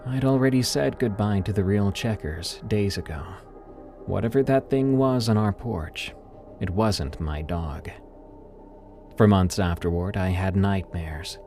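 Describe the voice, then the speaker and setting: A man reading a first-person horror story in a measured, ominous way. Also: fairly low pitch, darkish tone.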